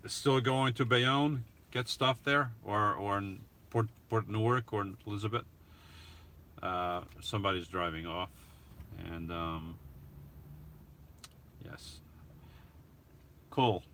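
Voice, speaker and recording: A man chats on a relaxed live stream, reading viewers' comments aloud and answering them. He talks slowly and haltingly, circling back with restarts, and his voice has a bright, forward edge. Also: fairly low pitch, a little hiss or hum. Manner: slow, halting, with many restarts and chuckles. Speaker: vlogger answering live chat questions. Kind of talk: casual live-stream chat.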